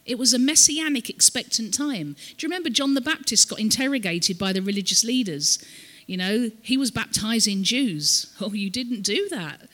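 A woman's voice: a little high, lively intonation, normal speed, fairly bright tone. A woman speaking as a visiting ministry guest at a church, telling the story and having the audience repeat words after her. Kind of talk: church talk, teaching. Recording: long reverb of a church hall.

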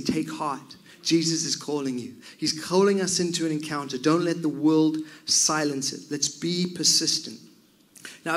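Man, preacher, passionate sermon, slightly high-pitched, loud-to-soft swings. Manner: passionate, rises to loud cries and drops to near whispers.

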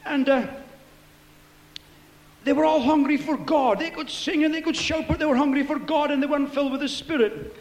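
Fervent preacher man, very high voice. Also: normal speed, roomy sound, big-room sound. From Scotland. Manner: fervent, storytelling, frequent shouted hallelujahs. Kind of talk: Pentecostal sermon.

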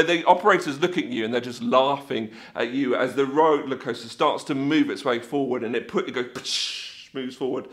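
A man giving an animated faith talk for families, telling stories and acting out scenes with sound effects. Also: on the high side.

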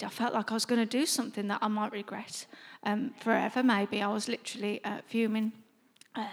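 A middle-aged woman giving an earnest, conversational faith testimony, often restarting her sentences. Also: on the high side. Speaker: speaker sharing a faith testimony. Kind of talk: personal testimony. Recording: long reverb, as in a hall.

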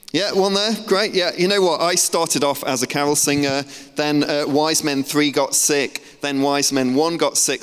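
A man's voice: on the high side, a bit bright. A man giving a humorous, self-mocking talk to a live audience. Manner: chatty, self-mocking storytelling. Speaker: speaker giving a church talk. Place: large hall. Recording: long hall reverb.

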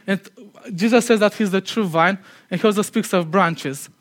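A man with a high voice gives a conversational sermon to a congregation. He is earnest but chatty, laughs easily at himself, and sinks into a quiet, low tone when he wants a point to land. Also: normal speed. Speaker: preacher.

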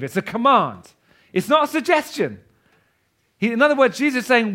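High-voiced man preaching with passion. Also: sing-song, normal speed, long pauses. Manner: impassioned, swings between loud emphatic declaring and soft hushed asides. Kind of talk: sermon. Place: church with a congregation.

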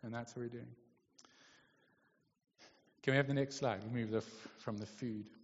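A man's voice: medium pitch, steady tone, normal speed. A man preaching a sermon in a conversational way, often checking in with his listeners. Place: church hall. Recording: lo-fi, echoey hall.

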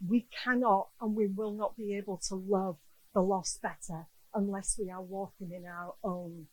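A woman's voice: medium pitch, moderate pace, no echo, low-quality recording. A middle-aged woman preaching a sermon, earnest and emotional, acting out the people she quotes. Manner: earnest, emotional, quotes others in lively voices. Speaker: guest speaker.

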